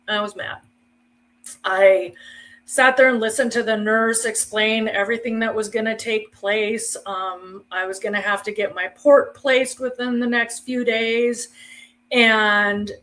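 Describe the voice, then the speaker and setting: A woman's voice: on the high side, a bit bright. A woman in her forties giving a candid, conversational personal testimony, with wry asides. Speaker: speaker sharing her cancer story.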